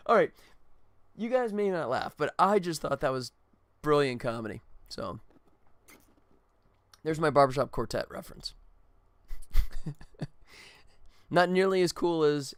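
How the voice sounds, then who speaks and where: Middle-aged male streamer, exhausted, rambling casual chat, slightly high voice, dry close sound. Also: lively intonation, measured pace, pauses often, dry recording. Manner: rambling, tired, chuckling. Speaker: game developer streaming.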